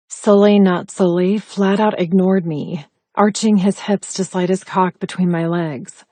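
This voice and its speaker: Husky-voiced woman narrating an audiobook. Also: lowish voice, fairly even intonation, unhurried, mellow, no echo. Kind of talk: first-person audiobook narration.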